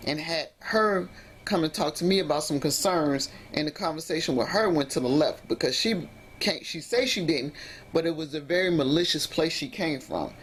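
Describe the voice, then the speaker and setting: A woman's voice: sits low, a little hiss or hum. A woman vlogging about personal drama, emotional and rambling, often restarting her sentences. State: emotionally upset. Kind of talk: emotional storytime vlog.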